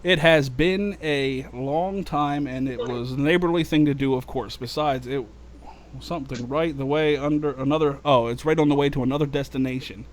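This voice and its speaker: Man reading calm alien envoy, wry, soft, measured, slightly raised voice. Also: mid-range voice, slight background noise, close to an everyday voice. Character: calm, dry-witted male alien envoy.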